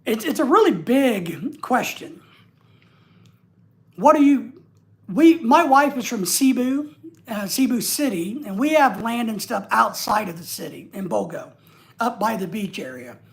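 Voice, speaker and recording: A man's voice: very high-pitched, lively intonation, measured pace, gravelly. A man hosting a livestream, chatting casually and reading viewer comments aloud in a rambling, joking way. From United States. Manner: rambling and joking, with frequent restarts. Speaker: livestream host.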